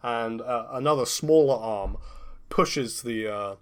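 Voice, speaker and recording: Guy running a tabletop game, laid back, lots of ums, average pitch. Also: slow, clean tone. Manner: relaxed, hesitant narration with fillers. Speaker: game master.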